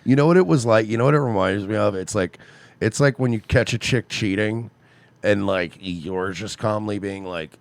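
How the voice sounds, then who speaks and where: A man's voice: fairly low pitch, moderate pace, vocal fry, no echo. A man co-hosting a comedy podcast, riffing in a sarcastic, crude way. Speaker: podcast co-host. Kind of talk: casual comedy podcast chat.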